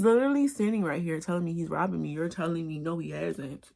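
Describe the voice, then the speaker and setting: Profane, gravelly woman telling a story. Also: fairly low pitch, quick pace. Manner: animated, profane, slangy storytelling. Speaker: vlogger. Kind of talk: storytime vlog.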